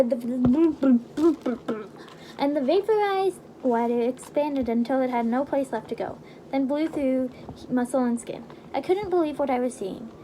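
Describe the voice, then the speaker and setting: A woman's voice: high voice, warm tone, slight background noise, low-quality recording. A woman casually reading a game novelization aloud, stumbling and restarting over words now and then. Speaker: reader.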